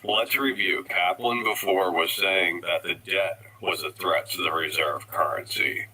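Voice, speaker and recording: A deep-voiced man narrating in a flat, deadpan monotone with a sarcastic edge. His tone is very bright and sharp, with faint ambient noise behind him. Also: measured pace, rough recording. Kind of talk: sarcastic voice-over commentary.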